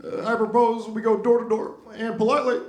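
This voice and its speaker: A man impersonating a polished male politician speaking in a measured way with thoughtful pauses, in a roomy club with crowd laughter. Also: extremely high pitch, little pitch movement, pitched above the performer's own voice. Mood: calm.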